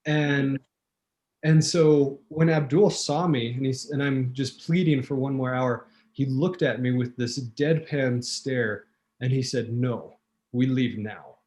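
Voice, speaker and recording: Animated male storyteller. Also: medium pitch, a little slow. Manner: animated storyteller, acts out quotes. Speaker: guest. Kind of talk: storytelling in a talk show interview.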